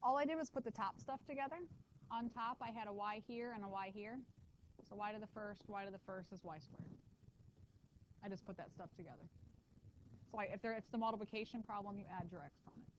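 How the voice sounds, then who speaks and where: A woman math teacher lecturing a classroom, lively and quick with asides to her students. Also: mid-range voice, muffled recording, slight background noise.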